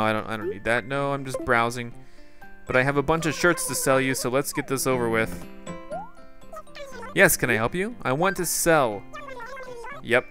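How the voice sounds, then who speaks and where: A man's voice: mid-range voice, a bit bright. A man hosting a casual gameplay video, chatting in a playful, rambling way with jokey asides. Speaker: gameplay host. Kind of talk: casual let's-play commentary.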